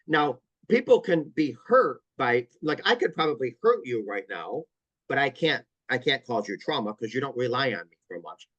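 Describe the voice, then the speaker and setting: A man's voice: mid-range voice, big pitch swings, normal speed, a bit bright, slightly rough, no echo, lo-fi sound. A man speaking as a trauma counselor on an interview podcast, explaining earnestly with vivid stories and repeated emphasis.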